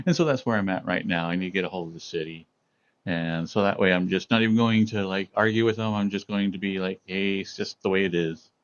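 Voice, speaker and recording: Man, low-pitched, chatty storyteller, laughs a lot, muffled stream audio. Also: a little fast. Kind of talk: casual chat with chat readers.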